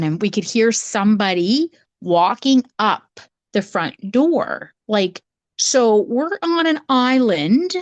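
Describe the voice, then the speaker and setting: Animated Canadian woman telling a story. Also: mid-range voice, unhurried, no echo. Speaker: podcast co-host, psychic. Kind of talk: casual storytelling.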